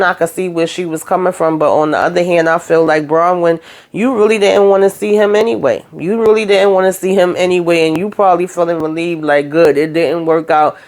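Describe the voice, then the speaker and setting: A woman hosting a reality TV recap, talking in a casual, blunt and sassy way and speaking straight to the cast members. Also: low-pitched.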